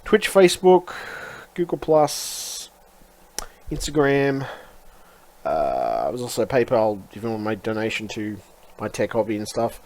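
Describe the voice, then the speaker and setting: A man's voice: lowish voice, big pitch swings, unhurried, a little mellow. A man vlogging in a rambling, frustrated way, swearing often and circling back on his words. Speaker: YouTuber. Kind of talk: casual rambling vlog.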